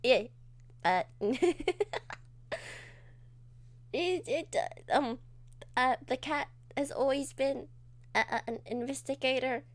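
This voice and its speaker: A woman's voice: high voice, takes it slowly, pauses often. A young woman streamer chatting while playing a game, giggly and self-deprecating, often tripping over words. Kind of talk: live game commentary.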